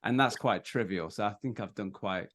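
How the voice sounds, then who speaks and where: A man's voice: on the low side, normal speed. A man, a podcast guest, chatting casually and acting out quotes as he tells stories about his family. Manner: animated storytelling with acted-out quotes. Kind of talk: casual chat.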